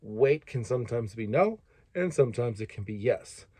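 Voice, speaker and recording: A man's voice: mid-range voice, animated, moderate pace, mellow, dry recording. A man giving earnest, emphatic fatherly life advice in a casual monologue.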